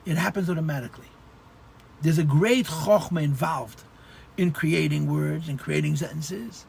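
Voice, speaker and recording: Man, rabbi, Torah class, high voice, husky, explanatory, restarts words. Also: moderate pace, a little mellow. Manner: explanatory, repeats phrases, stammers restarts. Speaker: rabbi teaching Chassidus.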